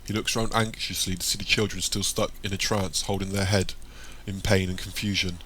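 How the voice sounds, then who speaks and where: A man narrates an audiobook in a steady, descriptive read. His voice is on the low side yet bright and forward. A faint hiss sits under the recording. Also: brisk.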